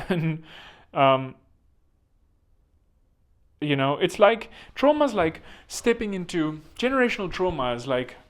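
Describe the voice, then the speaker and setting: A man's voice: a little high, sing-song, slow, long pauses. Man with crude, rambling jokes. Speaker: host. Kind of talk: comedic self-help monologue.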